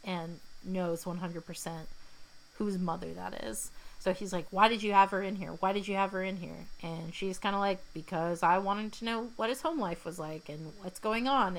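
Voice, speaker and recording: A woman's voice: mid-range voice, a bit bright, poor audio. Chatty woman retelling a movie. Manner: chatty, retells scenes in quoted voices. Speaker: podcast co-host. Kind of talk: casual movie recap chat.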